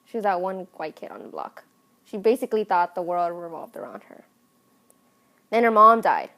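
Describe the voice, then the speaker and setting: A woman telling a comic story in a casual, deadpan way full of slang. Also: lowish voice, moderate pace. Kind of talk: comedic storytelling.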